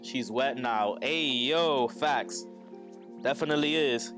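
A man's voice: medium pitch, takes it slowly. A man streaming casually while he builds a model kit, joking crudely, laughing often and chatting to viewers. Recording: music playing underneath.

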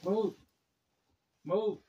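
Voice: medium pitch, drawn-out words, distant mic, muffled recording. A household member making short, blunt remarks in casual talk at home. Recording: noisy home recording.

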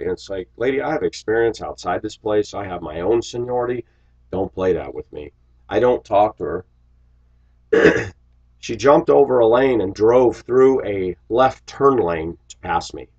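Deep husky man, blunt storyteller. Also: lively intonation, moderate pace, a little mellow, dull audio. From Los Angeles, USA. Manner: blunt, opinionated, often clears his throat. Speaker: bus driver. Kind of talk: casual storytelling monologue.

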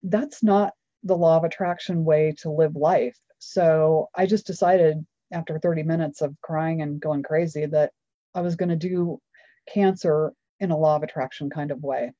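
A woman's voice: low voice, fairly even intonation, normal speed, warm tone, no room sound, dull audio. A woman guest on an interview show, a law of attraction trainer telling her story in a candid, upbeat way and laughing often.

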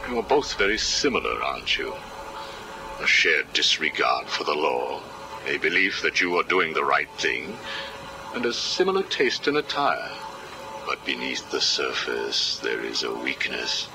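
Hugo Strange, a very deep, slow, menacing villain. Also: male voice, wildly swooping pitch, vocal fry, full character voice. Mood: menacing calm. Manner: slow, measured, coolly menacing interrogation. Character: cold calculating male villain psychiatrist, middle-aged. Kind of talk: video game cutscene acting. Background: background music.

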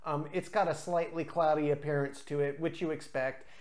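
Tasting beers for his own craft beer channel, this reviewer speaks at a medium pitch with a darkish tone and fairly even intonation. He talks casually without a script, chatty and full of filler pauses.

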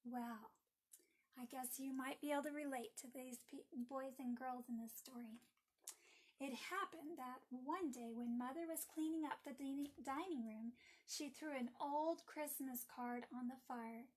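A woman teaching Sabbath School, reading a bedtime story aloud to children in an expressive, storytelling way. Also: high voice, measured pace.

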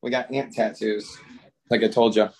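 A man's voice: fairly low pitch, little pitch movement, moderate pace, a little mellow, rough recording. A man appearing as a defendant over a video call, telling a long, meandering joke story full of fillers.

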